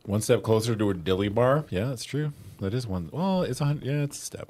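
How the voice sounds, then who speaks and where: A man's voice: mid-range voice, expressive, a little fast, a little mellow, slight background noise. A man co-hosting a gaming stream, chatting in a laid-back way and laughing easily. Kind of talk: casual gaming stream banter.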